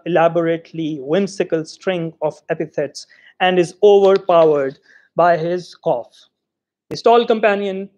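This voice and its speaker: A man reading a short story aloud in an expressive, theatrical way. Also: high-pitched. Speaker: reader.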